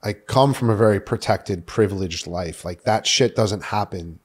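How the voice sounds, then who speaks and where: On a podcast, a New York City man in his thirties lays out his personal story in frank, casual talk full of swearing and fillers like "uh" and "like." His pitch is fairly low and his pace moderate, with a breathy edge to the voice.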